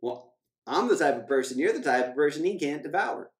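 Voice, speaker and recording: A man, a financial coach, giving an emphatic motivational scripture talk, repeating key phrases and slowing down to read verses. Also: on the high side, lively intonation. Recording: echoey room.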